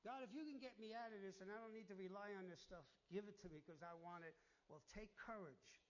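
High-voiced man preaching a sermon. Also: quick pace, highs cut off. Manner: emphatic preaching, calls for amens, acts out worried voices. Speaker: pastor.

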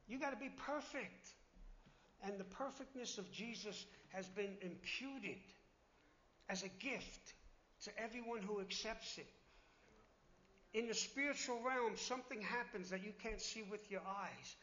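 Bright-voiced, animated male preacher. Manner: animated, plainspoken preaching, dropping low and quiet for solemn points. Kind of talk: sermon. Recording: slightly dull recording with faint noise.

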